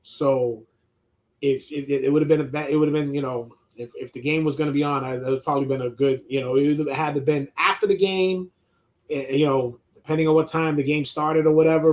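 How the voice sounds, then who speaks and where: A man's voice: on the high side, steady tone, fairly quick. A middle-aged man, hosting a loose live chat, reading viewer questions and talking sports with lots of swearing and restarts. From New York. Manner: laid-back, swears freely, many restarts and laughs. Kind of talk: casual live-stream chat.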